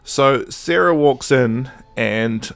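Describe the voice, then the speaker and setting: Man, casual podcast co-host, gravelly fan voice, animated retelling. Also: mid-range voice, slow. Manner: excitable fan, acts out quotes in silly voices. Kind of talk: casual chat.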